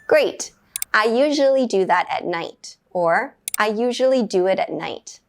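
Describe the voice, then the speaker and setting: Woman reading a beginner grammar lesson, clear and measured, perks up on the praise bits. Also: mid-range voice, lively intonation. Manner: clear, measured, with bright upbeat praise words. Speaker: English teacher.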